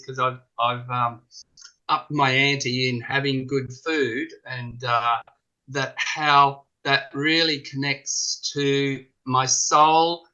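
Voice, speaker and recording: Slow, bright-voiced Australian man. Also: mid-range voice, highs cut off. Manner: hesitant, repeats words while searching. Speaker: game participant. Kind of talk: reflective personal sharing.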